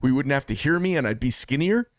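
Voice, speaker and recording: A man's voice: medium pitch, animated, fast, no room sound. Impassioned man in his fifties, dry sound. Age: 50s. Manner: impassioned, emphatic, repeats himself. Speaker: podcast host. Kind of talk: solo commentary monologue.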